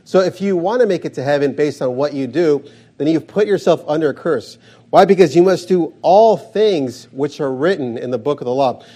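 A male preacher working through scripture, stopping every few words to say "notice" and press his point. His voice sits a little high for a man yet sounds dark and mellow. He talks with emphatic, steady conviction. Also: normal speed. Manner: repeats "notice" while reading verses aloud, emphatic. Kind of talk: expository sermon reading scripture.

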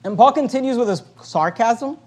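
High-voiced pastor preaching. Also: male voice, animated, moderate pace, breathy edge. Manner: preaching with rising emphasis, reading scripture aloud. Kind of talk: sermon.

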